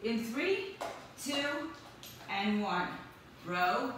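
Fairly high in pitch, with lively intonation and a slightly bright edge, a woman instructor guides a group through a live workout. She delivers quick counts and cheerful motivation, recorded at a distance in a very echoey space with faint background noise.

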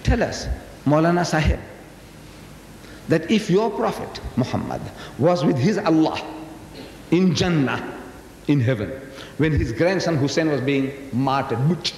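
A man's voice: a little high, expressive, measured pace, vocal fry, pauses often, a little mellow. A man putting on a goading, pushy preacher in an echoing hall. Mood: taunting. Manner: goading, insistent questioning. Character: pushy, taunting male Christian preacher. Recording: echoey hall, faint noise.

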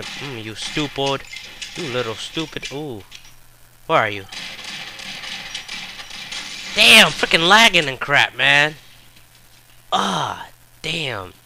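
A man's voice: mid-range voice, vocal fry, sharp tone, slight background noise. A man giving live gameplay commentary, frustrated and trash-talking with profane outbursts.

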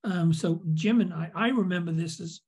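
A man's voice: high voice, normal speed, darkish tone, husky. An older man from England, a video producer telling rambling behind-the-scenes stories as an interview guest. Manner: rambling storyteller, many fillers and restarts. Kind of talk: casual anecdotal interview.

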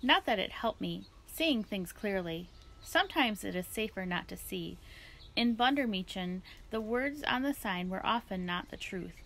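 A woman voicing an eccentric elderly woman philosopher who talks in a formal, digressive, unhurried way. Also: mid-range voice, lively intonation, fairly bright tone. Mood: musing.

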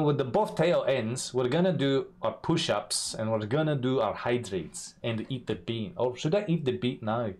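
On a live stream, a young man casually talks with his audience, cursing and laughing, his voice regularly spiking loud and high.

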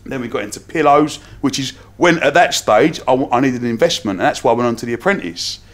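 A man's voice: mid-range voice, quick pace. Chatty London man telling stories. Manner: lively anecdotes with acted-out quotes, frequent laughs. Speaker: podcast guest, entrepreneur. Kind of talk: casual storytelling.

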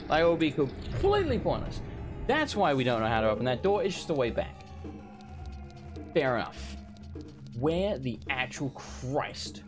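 A young man streaming a blind let's play, talking to himself as he gets lost and frustrated, swearing often. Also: a little high. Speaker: gaming streamer. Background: game music.

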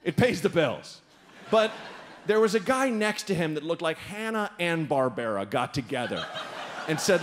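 There's a little hiss or hum behind this man's slightly high, moderately paced voice. Performing stand-up for a live audience, he tells an animated story, acting out the people with big vocal jumps.

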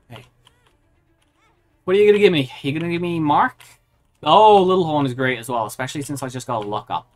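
A woman's voice: low voice, moderate pace, long pauses, darkish tone, soft background music. A woman streaming a video game, reacting aloud and chatting with her viewers as she plays. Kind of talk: live gameplay commentary.

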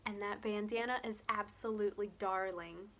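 A woman's voice: mid-range voice, fairly even intonation, normal speed, fairly bright tone, close to an everyday voice. A woman voicing a sweet, cheerful teacher who gushes over a child in a storybook read-aloud. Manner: gushing, sweet.

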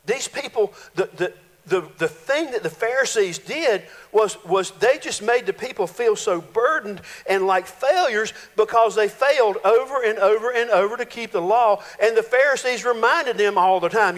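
A male pastor, preaching a folksy, animated sermon full of playful voiced quotes in a church sanctuary. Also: high voice, normal speed. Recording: reverberant church hall.

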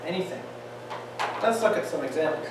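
A man teaching a Bible class, lively and joking, firing off questions at his students. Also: a little high, fairly quick. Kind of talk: classroom lecture. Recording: echoey room, distant mic, faint hiss.

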